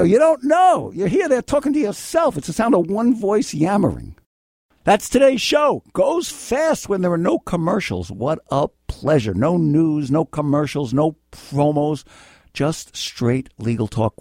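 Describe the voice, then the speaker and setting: An older man hosting a call-in legal advice radio show, blunt and excitable, swinging between yelling and calm. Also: mid-range voice, no room sound, studio quality. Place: radio studio.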